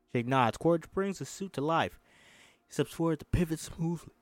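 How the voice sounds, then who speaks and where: A man with a fairly high voice and lively intonation hosts a casual read-through, reading a screenplay aloud plainly at a moderate pace. He breaks off now and then for joking asides, and the recording is dry.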